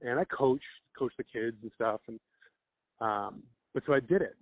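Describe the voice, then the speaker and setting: A man, an improv comedian and teacher, telling stories in casual chat and acting out quick quotes. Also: medium pitch, gravelly, no echo. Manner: animated storyteller with quick acted-out quotes. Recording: dry, phone-like narrow sound.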